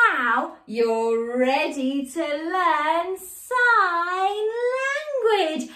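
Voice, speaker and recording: Woman, high lilting voice, unhurried, roomy echo, toddler sign lesson. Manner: animated, sing-song and encouraging. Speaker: baby sign language teacher. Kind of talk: children's sign language lesson.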